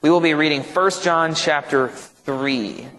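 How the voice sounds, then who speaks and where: A pastor with a fairly high, slightly bright voice leads an informal Bible study, speaking a little slowly. He is conversational and keeps asking listeners "right?" The church's large room adds echoey reverb, along with a little hiss or hum.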